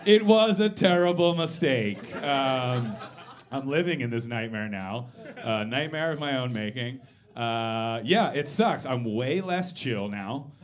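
In a basement venue, a man in his thirties performs a live stand-up set, cursing freely, poking fun at himself, and firing quick asides at the audience. His voice sits in the mid range and comes across animated.

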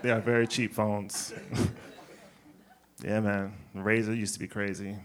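A man from Brooklyn doing a stand-up set on a club stage, telling stories with lively character bits and laughing at his own jokes. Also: on the low side, unhurried, background noise. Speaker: stand-up comedian.

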